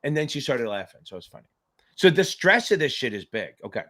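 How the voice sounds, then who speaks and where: A man's voice: mid-range voice, sing-song, fairly quick, a bit bright. A man hosting a live exam-prep Q&A stream, chatting casually with jokes and profanity. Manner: joking, profane, rambling.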